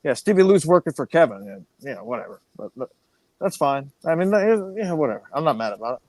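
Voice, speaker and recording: A man co-hosting a podcast who rants quickly and swears freely. His voice sits a little high for a man, and the dry, close recording has no room sound. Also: sing-song, no echo. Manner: fast, ranting, profane. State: angry. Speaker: podcast co-host. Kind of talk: casual profane podcast banter.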